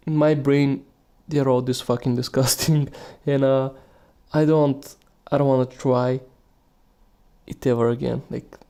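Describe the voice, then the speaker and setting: A man's voice: medium pitch, warm tone. A young man hosting a solo podcast, rambling casually with lots of swearing, restarts and laughing at himself. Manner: profane, meandering, laughs at himself. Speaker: podcast host.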